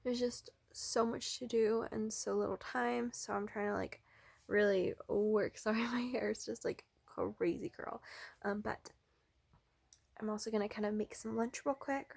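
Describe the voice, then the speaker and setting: A young woman talking casually at home, chatty and bubbly, with many fillers and some hushed asides. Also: medium pitch, fairly even intonation, unhurried, creaky. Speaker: vlogger and art teacher. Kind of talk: casual vlog chat. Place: indoors at home, in a bedroom.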